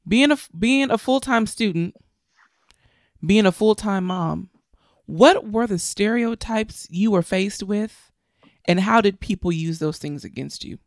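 An interviewer with a relaxed, joking manner who asks questions and encourages the guest. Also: mid-range voice, measured pace, no echo, studio quality. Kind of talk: casual interview.

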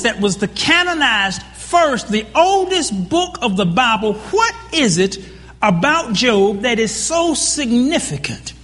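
A man preaches in a church with a very high, lively voice that swoops up and down. His tone is bright and sharp, and he presses his points with questions to the congregation and repeated words. A long hall reverb trails every phrase. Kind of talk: sermon.

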